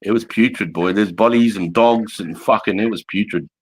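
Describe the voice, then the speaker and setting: Australian man, forties, low voice, foul-mouthed rambling army yarns, mate and bro every line. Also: normal speed, husky, low-quality recording. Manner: swears constantly, rambling, calls listener mate and bro. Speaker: army veteran guest. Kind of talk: casual storytelling.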